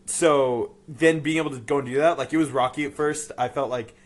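A man's voice: medium pitch, steady tone, fairly quick. Rambling young man, dry sarcasm. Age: young adult. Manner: rambling, sarcastic, many fillers. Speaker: podcast guest, youth group leader. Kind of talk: casual chat.

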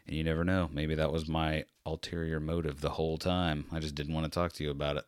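A man's voice: extremely low pitch, fast, hardly any pauses, a bit bright, clear, resonant tone, no echo. A tired man hosting a solo podcast, rambling in a sarcastic, self-deprecating way on a close mic. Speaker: podcast host.

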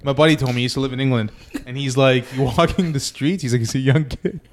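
A man co-hosting a casual podcast, telling animated anecdotes with frequent laughter. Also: medium pitch, very fast. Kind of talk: casual chat.

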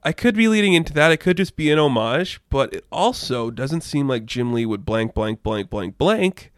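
With a mid-range, sing-song voice at a moderate pace, a man delivers opinionated pop-culture commentary on comic book news. He rambles a bit and laughs a lot, and the studio-quality recording carries no echo.

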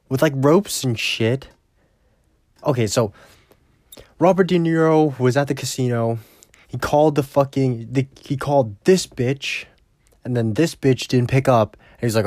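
A man's voice: mid-range voice, measured pace, long pauses, a little mellow, no echo, clean studio sound. A man recapping a movie in a casual, rambling way, blunt and full of swearing. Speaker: movie reviewer.

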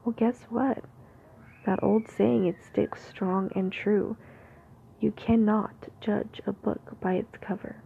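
A woman's voice: mid-range voice, steady tone, slow, gravelly. A woman giving an unscripted, free-flowing musing in a whispered ASMR talk. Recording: tinny phone-like audio with faint hiss.

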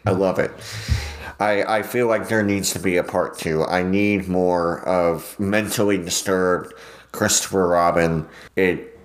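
A man's voice: sits low, steady tone, measured pace. A man co-hosting a podcast, reacting to a story with playful enthusiasm in casual chat. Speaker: podcast co-host.

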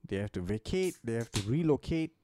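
A man's voice: mid-range voice, big pitch swings, brisk, warm tone, slight background noise. A man co-hosting a casual podcast, explaining things at length in a loose, swearing way. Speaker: podcast co-host.

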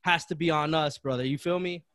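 A man's voice: a little high, fairly even intonation, a little fast, fairly bright tone, no echo, studio quality. A man co-hosting a podcast in casual chat, slangy and saying bro constantly. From Chelsea area. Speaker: podcast co-host.

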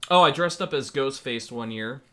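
A man's voice: medium pitch, normal speed, fairly bright tone. A man co-hosting a podcast, chatting casually with dry, playful jokes and rambling recollections. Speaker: podcast co-host. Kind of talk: casual chat.

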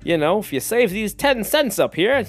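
A man's voice: high-pitched, very animated, normal speed, soft background music, pitched above the performer's own voice. A man putting on the voice of a stingy male boss who talks down while handing out a tiny raise. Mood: condescending. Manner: mock-generous, condescending.

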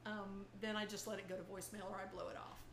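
An older woman, a veteran voice actor, chatting as a podcast guest in a relaxed, good-humored way. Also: medium pitch, quick pace. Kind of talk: casual chat. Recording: echoey room with faint noise.

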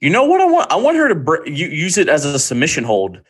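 A man co-hosting a casual podcast, chatting in a loose, halting way, restarting his words and laughing easily. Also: on the high side, wildly swooping pitch, a bit bright, husky. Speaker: podcast co-host. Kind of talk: casual wrestling podcast chat.

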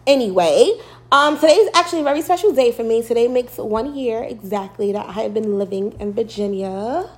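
Playful New York woman, lively. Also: on the high side, a little fast. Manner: loud, playful, slangy. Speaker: podcast co-host. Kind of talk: casual chat.

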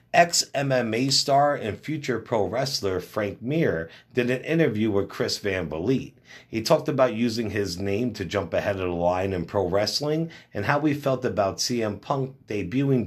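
A man's voice: on the low side, breathy edge. A man hosting a wrestling news podcast, reading stories and quotes aloud with casual asides. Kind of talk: read-out news roundup.

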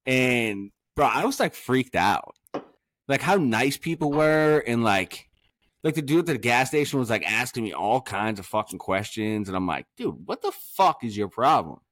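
A man from Massachusetts hosting a podcast, chatting casually and telling profane, animated stories. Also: mid-range voice, moderate pace, no echo. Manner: profane, animated storytelling with frequent laughs. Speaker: podcast host.

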